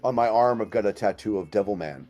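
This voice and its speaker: A man from Southern California with a Californian accent, telling animated stories full of fillers as a guest in a casual chat. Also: on the low side, fast talker, lo-fi sound, faint music behind.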